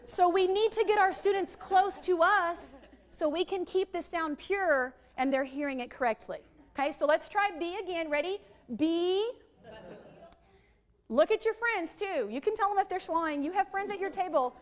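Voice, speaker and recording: A middle-aged woman running a literacy workshop for teachers, leading the group through letter sounds in a lively way. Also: very high voice, moderate pace. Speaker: literacy trainer.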